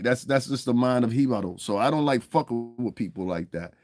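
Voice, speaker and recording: A man's voice: mid-range voice, expressive, a little fast, darkish tone. A man delivering a casual, profane monologue rant to his viewers, often asking "you understand what I'm saying" and chuckling between points. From United States. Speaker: commentary vlogger.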